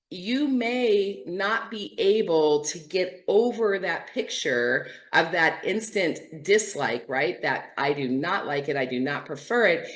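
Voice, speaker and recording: A middle-aged woman hosts a casual teaching talk in a somewhat low voice. She talks in an animated, lively way and jumps into playful quoted asides as she tells her story. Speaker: host.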